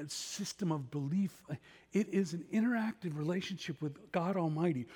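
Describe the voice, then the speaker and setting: A man's voice: a little high, darkish tone, husky. A middle-aged man preaching a sermon as pastor, conversational with self-deprecating asides. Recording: long reverb of a large hall.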